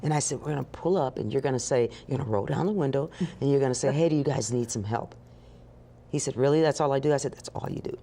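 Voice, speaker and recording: A woman telling a story as an interview guest, animated and acting out the voices of the people in it. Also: extremely low pitch, fast. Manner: animated, acts out dialogue with laughs.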